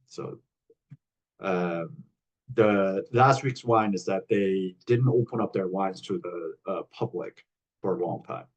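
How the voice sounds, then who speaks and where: Low husky guy running a wine club video call, chatty, lots of ums. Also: low-quality recording. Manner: relaxed, chatty, many fillers and restarts. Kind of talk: casual chat on a video call.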